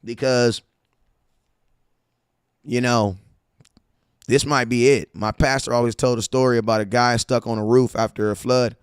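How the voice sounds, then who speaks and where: A man hosting a casual sports fan show, talking in an animated, slangy way with stories and asides. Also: mid-range voice, unhurried, long pauses, clean tone, dry recording, clean studio sound. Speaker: sports podcast host.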